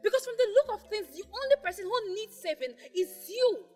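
A woman's voice: extremely high pitch, animated, fairly quick, darkish tone, big-room sound, faint music behind. A woman playing an angry young woman who confronts and demands answers.

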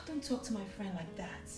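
A woman's voice: mid-range voice, animated, moderate pace, over music, natural voice. A woman playing a defiant, exasperated wife in a comedy skit.

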